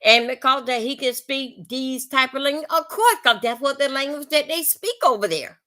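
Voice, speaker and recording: Woman with a Florida Southern accent, live-stream rant, heated and profane, higher voice, bright edge. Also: expressive, normal speed. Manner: blunt, profane, heated, rambling repetitions.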